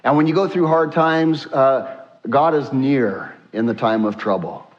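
A man's voice: medium pitch, unhurried, dull audio. A male pastor preaching a sermon with energy and many exclamations, asking the congregation to read verses aloud. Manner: energetic, exclamatory, frequent uh fillers; asks congregation to read along.

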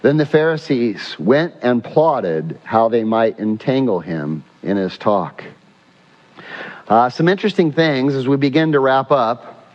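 A man's voice: medium pitch, animated, measured pace. Preaching man in an echoing church. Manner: emphatic preaching, rhetorical questions, repeated phrases. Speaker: pastor. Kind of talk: sermon. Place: church sanctuary. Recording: muffled sound with long hall reverb.

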